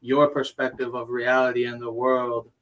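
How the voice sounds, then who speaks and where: A man's voice: medium pitch, completely flat delivery, moderate pace, fairly bright tone, rough recording. A man speaking as a podcast guest, rambling and searching for words. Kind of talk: casual podcast talk.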